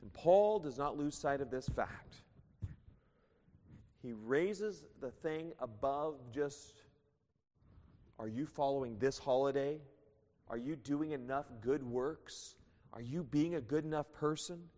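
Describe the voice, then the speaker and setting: A man preaching a sermon with strong emphasis, reading scripture aloud and swinging his voice high and low. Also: slow, long pauses, darkish tone. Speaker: pastor. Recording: long reverb of a church hall.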